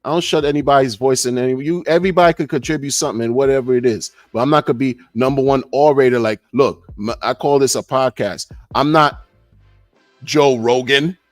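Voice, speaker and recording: Soft music plays under a middle-aged podcast host's casual live-stream rambling, full of "man" and "you know." His medium-pitched voice runs a little fast, and there's no room sound.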